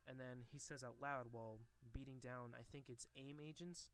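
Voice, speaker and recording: A man's voice: mid-range voice, fairly even intonation, moderate pace, few pauses, smooth. A man casually reading a comic book aloud to a camera, hesitant with many fillers and restarts.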